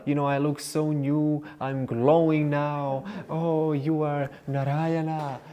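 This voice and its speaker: A man's voice: fairly high pitch, little pitch movement, takes it slowly, dark tone, muffled recording, voice pushed up. A man voicing an overjoyed young man who gushes and exclaims in delight. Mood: ecstatic.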